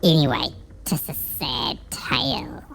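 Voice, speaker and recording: Guy doing a raspy-gravelly old drunk, slow rambly country drawl, kinda high. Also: steady tone, fairly bright tone, slight background noise, heavily acted, rough recording. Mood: rambling. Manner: rustic folksy dialect, slow drawl. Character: old drunken male villager, rambling and slurred.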